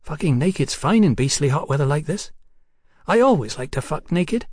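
Brief: man doing a high, loud, slurring tipsy working girl, brash and forthright, in a dry audiobook read. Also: lively intonation, normal speed, husky, no echo. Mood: bawdy. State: drunk. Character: tipsy bawdy young London working woman.

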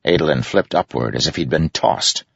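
A man reading a fantasy novel aloud in a measured, grave narration. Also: very deep voice, creaky, fairly bright tone, husky, dry recording. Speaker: audiobook narrator. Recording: dull lo-fi audiobook recording.

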